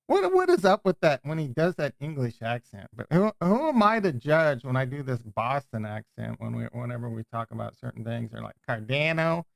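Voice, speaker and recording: Gravelly guy rambling on a livestream, dry close mic, keeps restarting his sentences. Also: medium pitch, dry recording. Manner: rambling, self-interrupting, chatty. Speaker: crypto livestream host. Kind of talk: casual livestream chat.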